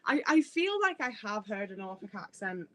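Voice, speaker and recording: A woman's voice: mid-range voice, sing-song, normal speed, a bit bright. A young woman with a northern English accent chatting casually on a livestream, laughing often and swearing freely. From Stoke-on-Trent, England. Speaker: livestreamer reading chat. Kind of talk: casual chat.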